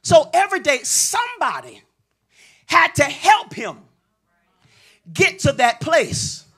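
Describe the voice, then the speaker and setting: A male pastor preaching a sermon, building into shouts and sing-song cadences, with call-and-response lines to the congregation. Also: very high voice, huge pitch swings, slow pace.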